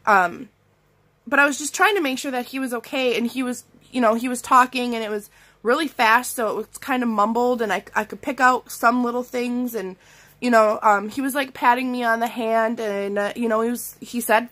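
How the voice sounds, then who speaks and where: Sick lady ranting from bed, kinda high voice, lots of "like", acts out what ppl said. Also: moderate pace. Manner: animated, acts out quotes, many "like" fillers. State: sick, with strep throat. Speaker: vlogger. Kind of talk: casual storytime rant. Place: in bed at home.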